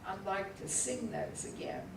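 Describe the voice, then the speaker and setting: A woman's voice: medium pitch, wildly swooping pitch, unhurried. A woman teaching a class, patiently drilling words aloud and asking students to repeat them syllable by syllable. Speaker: Hebrew teacher. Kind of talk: classroom lesson. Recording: echoey room, voice from far off, faint background hum.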